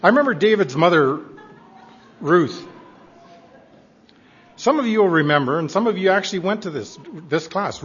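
A man's voice: fairly high pitch, breathy edge. An older man fondly recounting church memories to a congregation, in an earnest storytelling manner. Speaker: church member addressing congregation. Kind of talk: reminiscing speech to a congregation. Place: church hall. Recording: echoey hall, dull lo-fi sound.

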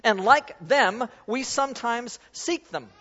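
A man's voice: extremely high pitch, expressive, takes it slowly, pushed and bright. A man preaching a conversational sermon, acting out an object lesson as he talks. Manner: conversational, self-deprecating, demonstrates while talking. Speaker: pastor. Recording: dull sound in a reverberant hall.

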